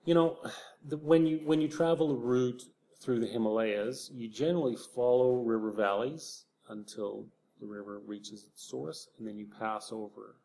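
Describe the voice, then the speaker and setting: A man with a dark, mellow and gravelly voice speaks reflectively in an interview. He talks in a soft, halting way, often circling back and restarting his sentences. A faint hiss sits behind him. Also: mid-range voice. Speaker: author.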